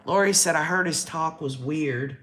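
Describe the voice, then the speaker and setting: High, bright-voiced man recapping trial live. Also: normal speed, reverberant. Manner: reads chat comments aloud, emotional. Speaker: host.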